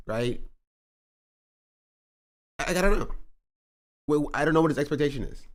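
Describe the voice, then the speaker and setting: A male streamer talking through his reactions in a loose, rambling way. His voice sits at an ordinary pitch and jumps up sharply whenever something riles him. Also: moderate pace, pauses often. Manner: animated, rambling, jumps up in pitch when riled. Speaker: streamer reacting to a podcast clip. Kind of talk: casual live-stream commentary.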